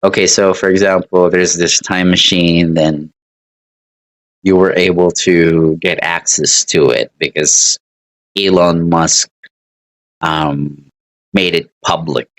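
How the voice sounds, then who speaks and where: A man with a very low voice explains English to students at an unhurried pace, often stopping to fix his own wording and chuckling at his examples. The sound is close and dry, with little room around it. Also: steady tone, fairly bright tone, dry recording, low-quality recording. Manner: rambling, self-correcting, laughs at own examples. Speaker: English teacher. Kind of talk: casual online English lesson.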